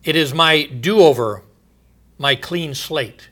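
A man preaching a sermon, building to emphatic, drawn-out phrases and dropping to a quiet low voice at the ends of thoughts, with short chuckles between points. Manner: emphatic, stretching key phrases with rising volume.

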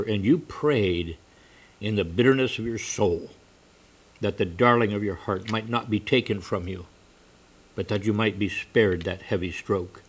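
A man voicing a meek yet majestic male stranger, the Lord, who speaks softly but sternly in pleading questions. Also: medium pitch, close to an everyday voice.

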